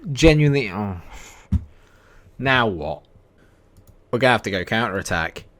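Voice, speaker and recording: A man's voice: lowish voice, expressive, a little slow, a bit bright. A man giving casual commentary over a football management game, grumbling and exasperated as things go wrong. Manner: exasperated, grumbling, talks to himself. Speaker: gaming commentator.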